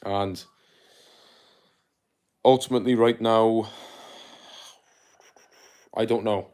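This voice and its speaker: A young man with a South Welsh accent, chatting live to his viewers and reading their comments aloud. He talks in a relaxed, easygoing way, dropping slang like "mate" between answers. His voice sits a little on the low side. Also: slow. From South Wales. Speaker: livestreamer. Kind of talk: casual live-stream chat reading comments.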